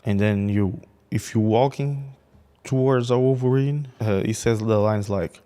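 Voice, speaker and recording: A man's voice: lowish voice, a little slow, mellow, smooth. A man in a casual game commentary, rambling with many restarts and laughing at his own jokes. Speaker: gaming video creator.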